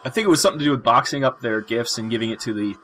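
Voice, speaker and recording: A male podcast co-host from Ontario, chatting casually with friends. His voice sits at a middle pitch with a bright, forward edge, and he breaks into laughter often. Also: lively intonation, rapid-fire. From Ontario, Canada. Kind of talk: casual chat.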